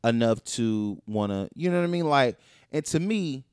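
A man's voice: mid-range voice, animated, moderate pace, darkish tone, clean tone, no room sound, studio quality. A man co-hosting a casual podcast chat, earnest and reflective, speeding up when he quotes other people. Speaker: podcast co-host.

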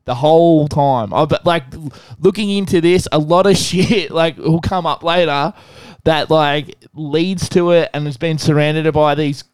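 A man's voice: on the high side, measured pace, few pauses, clear, resonant tone, no room sound. A young Australian man co-hosting a podcast, telling rambling crude stories, swearing constantly and laughing between lines. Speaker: podcast co-host. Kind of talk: casual crude storytelling.

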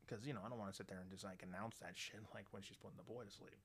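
A man's voice: fairly low pitch, fairly even intonation, very fast, hardly any pauses, a bit bright, breathy edge. A man hosting a podcast, telling crude stories and jokes in a rambling, profane way, full of "you know" fillers. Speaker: podcast host. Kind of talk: crude casual storytelling and joke telling.

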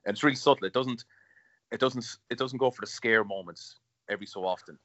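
A man co-hosting a movie chat, swearing and telling stories in a casual, animated way. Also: mid-range voice, fast talker, no echo. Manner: swearing, animated storytelling with laughs. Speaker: podcast co-host. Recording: dull, muffled audio.

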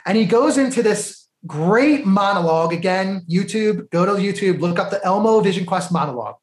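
A man's voice: sits high, expressive, normal speed, reverberant. A man, a podcast co-host, eagerly retelling a film plot and drawing life lessons from it in casual conversation.

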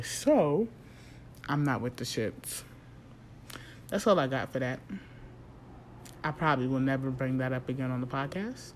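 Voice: medium pitch, expressive, moderate pace, slight background noise. A podcast host in their thirties, talking solo in a candid, slangy, profane monologue full of sudden emphatic jumps.

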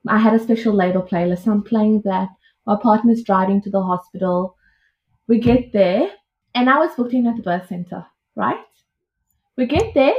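Woman, chatty storyteller, lively retelling, slightly dull lo-fi sound. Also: medium pitch, moderate pace. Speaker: podcast guest. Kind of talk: casual storytelling.

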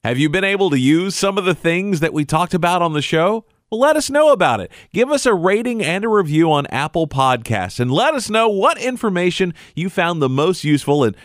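A man's voice: high-pitched, sing-song, a little fast, hardly any pauses, no echo, clean studio sound. A man co-hosting a podcast, talking in an upbeat, conversational way and asking guiding questions. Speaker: podcast co-host. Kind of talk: casual podcast chat.

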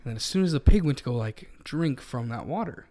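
A man's voice: medium pitch, animated, fairly quick, mellow. A man co-hosting a podcast, telling a long story in a casual, rambling way with frequent restarts. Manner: rambling, self-correcting storyteller. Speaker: podcast co-host.

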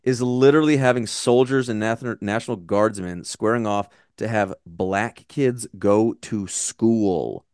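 A man's voice: on the low side, a little slow, few pauses, darkish tone, no room sound, studio quality. An American man in his forties, co-hosting a podcast in a casual, rambling chat full of swearing and tangents. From United States. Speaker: podcast co-host.

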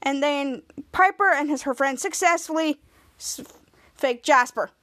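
A woman's voice: high-pitched, normal speed, fairly bright tone. A woman podcast host recapping a TV episode in a chatty, rambling storytelling way.

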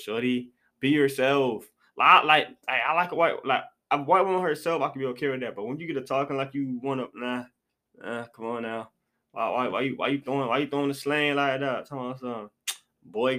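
A man's voice: mid-range voice, fairly bright tone. Slangy young man hosting a podcast. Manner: loose, slangy, repeats phrases. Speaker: podcast host. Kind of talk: casual chat.

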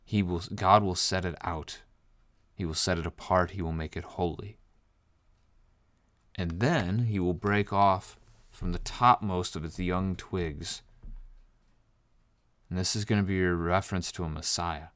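A man with a very low, deep voice delivers a teaching sermon, walking through scripture and stressing key phrases. He reads verses slowly and then explains them plainly. The sound is close and dry, with no room around it. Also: fairly even intonation, a bit bright, no echo. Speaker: preacher. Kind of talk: bible study sermon.

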